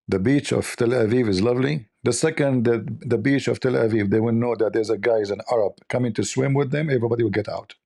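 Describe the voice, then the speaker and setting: A man's voice: mid-range voice, normal speed, vocal fry, long pauses, mellow. A man from the Middle East with an Arabic accent, hosting a casual livestream chat and telling rambling, joking stories full of "you know". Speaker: livestream host.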